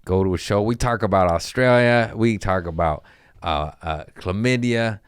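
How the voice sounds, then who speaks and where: Low-voiced man, crude rambling jokes. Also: moderate pace, smooth, no room sound, clean studio sound. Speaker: comedian podcast host. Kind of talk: casual comedic monologue.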